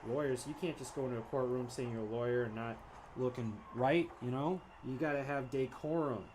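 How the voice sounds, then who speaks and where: Fairly quick and steady, with a medium-pitched, darkish voice and slight background noise, this artist streams himself drawing at a desk in his home studio. He rambles playfully between jokes in casual chat and breaks into silly made-up ditties.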